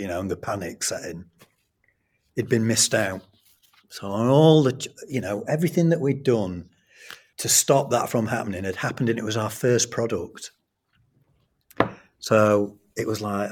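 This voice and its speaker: An English man, a school trust leader, telling a personal story in an interview in an animated, conversational way. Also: on the low side, a little slow, pauses often, husky.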